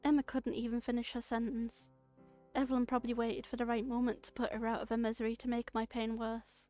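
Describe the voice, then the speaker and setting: A woman streaming, reading a story game aloud and reacting with jokes and loud outbursts. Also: fairly high pitch, a little fast, soft background music. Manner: animated, joking, bursts into loud outbursts and laughter.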